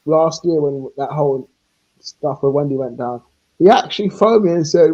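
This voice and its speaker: A man holds forth on a live stream, his voice sitting a little high as he rants and laughs through heated talk. He acts out the exchanges he quotes, and the stream audio is dull and lo-fi. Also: moderate pace, mellow.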